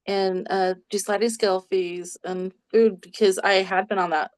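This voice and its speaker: A woman in her forties, a clinical social worker, telling animated stories as a podcast guest from her home office and acting out quoted voices. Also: medium pitch, moderate pace. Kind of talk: casual storytelling in a podcast interview.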